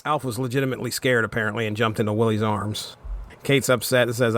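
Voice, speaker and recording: A man's voice: mid-range voice, little pitch movement, fairly bright tone. Chatty man recapping a comic. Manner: reads AI summaries aloud and comments on them; chuckles at the jokes, quick asides. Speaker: podcast host. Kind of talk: casual comic book podcast recap.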